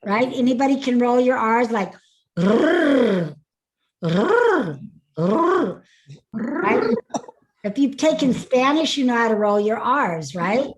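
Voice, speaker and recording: A woman's voice: a little high, big pitch swings, normal speed. A woman coaching a group through voice and face exercises in an online workshop, upbeat and laughing often. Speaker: speaking coach. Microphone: video call.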